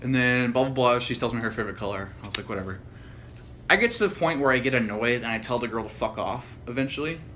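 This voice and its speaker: Bright-voiced young man, podcast co-host, rambling and sweary, faint noise behind. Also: mid-range voice, expressive, quick pace, few pauses. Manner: rambling storyteller, heavy swearing, mocking quoted voices. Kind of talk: casual chat.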